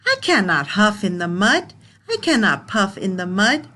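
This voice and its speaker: A woman voicing a big bad male wolf in a children's storybook, shouting his demands. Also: mid-range voice, sing-song, normal speed. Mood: demanding.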